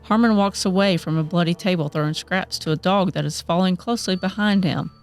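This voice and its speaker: A woman narrating a horror story in a plain, steady reading voice. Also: on the low side, brisk, faint music behind.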